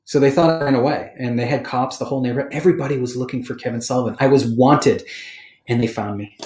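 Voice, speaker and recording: This Boston-area podcast host talks fast in a mid-range voice, and the room sounds echoey. Telling stories with lots of laughter, he keeps the chat loose and animated.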